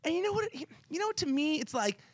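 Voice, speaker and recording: A man's voice: very high voice, big pitch swings, fast. A man co-hosting a wrestling recap show, rambling and hunting for words with lots of fillers. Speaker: wrestling podcast co-host. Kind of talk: casual recap chat.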